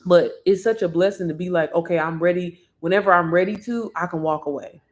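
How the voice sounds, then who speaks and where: A woman's voice: on the low side, steady tone, a little fast. A young woman, chatting casually on a livestream as an online marketing coach, hyped and friendly, calling viewers girl and sis. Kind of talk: casual livestream sales talk.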